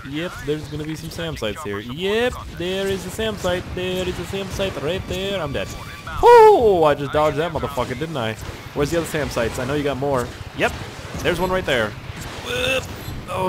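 Young guy swearing his way through gameplay commentary, game noise behind. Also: on the high side. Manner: loose, joking and profane. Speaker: gaming YouTuber.

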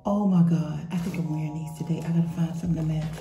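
A woman's voice: deep voice, steady tone, fast talker, hardly any pauses, mellow, roomy sound, faint music behind. A woman in her fifties vlogging casually, gushing and chatty as she talks straight to her viewers. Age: 50s. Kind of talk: casual vlog unboxing and travel chat.

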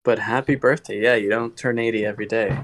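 A man's voice: fairly low pitch, steady tone, fast talker, a bit bright. A man dropping into a casual podcast, talking in a breezy, upbeat way. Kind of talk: casual chat.

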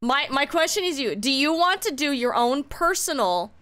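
A woman streaming and chatting, giddy, laughing a lot and swearing as she talks in excited bursts. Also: high-pitched, moderate pace. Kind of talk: excited casual stream chat.

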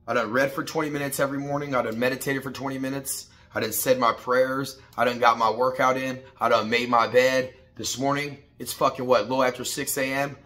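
A middle-aged man giving a blunt, profane morning motivational talk, preachy and repetitive, building to shouted pep-talk bursts. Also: mid-range voice. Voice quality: profane, blunt, street-casual. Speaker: motivational vlogger.

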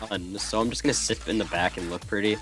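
A man's voice: lowish voice, fast, a bit bright. A young man chatting impatiently and teasing his friends during a game. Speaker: gamer. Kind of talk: casual chat over gameplay. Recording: background music track.

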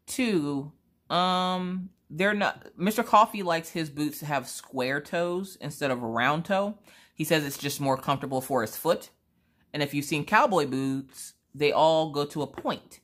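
A woman, chatting casually while she crafts and telling rambling, animated stories about her family. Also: low voice, measured pace. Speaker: crafting vlogger.

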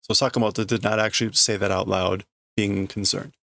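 A man reading a comic aloud on a stream, translating it line by line in a halting way as he thinks it through. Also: fairly low pitch, flat delivery, gravelly, a bit bright, no room sound. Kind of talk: casual read-through stream.

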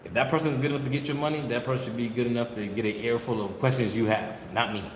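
Dogs bark in the background of this echoey, noisy kennel recording, where a breeder speaks in a casual vlog style. His mid-range voice is fairly even and rapid-fire as he bluntly repeats his points and tells viewers off.

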